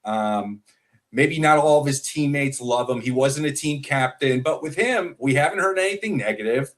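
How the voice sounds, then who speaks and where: A man co-hosting a casual football talk show, talkative and animated with frequent fillers. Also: mid-range voice, moderate pace. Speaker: sports podcast co-host.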